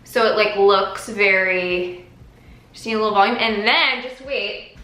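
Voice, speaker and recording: In a roomy, echoing recording, a woman with a mid-range, pushed, bright voice walks viewers through a makeup tutorial a little slowly. She's a chatty beauty vlogger, exclaiming often and leaning on lots of fillers.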